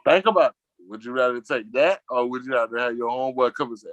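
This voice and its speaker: A man, chatting casually as a talk-show guest, rambling and slangy, acting out quoted friends in a lower voice. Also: expressive, quick pace, few pauses, a bit bright, no room sound, muffled recording. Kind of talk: casual chat.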